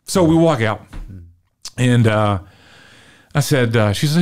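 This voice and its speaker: Animated man telling a story. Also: mid-range voice, takes it slowly. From Texas. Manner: lively, emotional storyteller, often acts out dialogue. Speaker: marketing consultant guest. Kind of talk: animated storytelling in a podcast interview.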